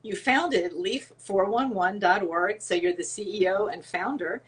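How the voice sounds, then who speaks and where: A middle-aged woman hosting a live online session, greeting viewers by name and interviewing a guest in a casual, excited way. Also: mid-range voice, a little slow. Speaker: webinar host.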